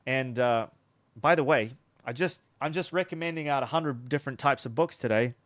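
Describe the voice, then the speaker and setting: A man's voice: medium pitch, normal speed, a bit bright, no room sound. Chatty man coaching sales, dry close sound. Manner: loose and chatty, many fillers and restarts. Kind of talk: casual teaching talk.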